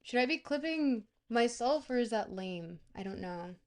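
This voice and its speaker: A woman's voice: on the high side, animated, moderate pace. A woman hosting a casual livestream, rambling and joking as she talks directly to her chat viewers. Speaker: livestream host.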